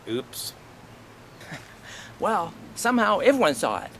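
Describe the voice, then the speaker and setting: A man's voice: on the high side, sing-song, normal speed, a bit bright, slight background noise. A man vlogging an angry personal rant, indignant and swearing freely as he vents. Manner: profane, indignant, venting.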